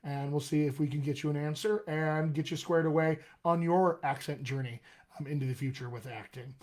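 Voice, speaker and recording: Man, dialect coach, live Q&A, chatty and encouraging, voice a bit on the high side. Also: fairly even intonation, brisk, darkish tone. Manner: chatty and encouraging, reads viewer questions aloud. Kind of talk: live-streamed Q&A session.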